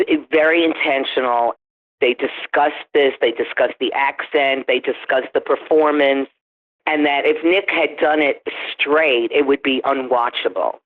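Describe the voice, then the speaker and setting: A man in an archival interview, recalling a film set in a casual, excitable way, full of fillers. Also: medium pitch. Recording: tinny phone-like archive audio.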